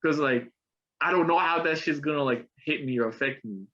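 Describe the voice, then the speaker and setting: This podcast host, a young man with Colombian roots, chats loosely and rambles, leaning on slang and fillers. He speaks a little fast in a bright, forceful, somewhat high voice, captured over a muffled video call.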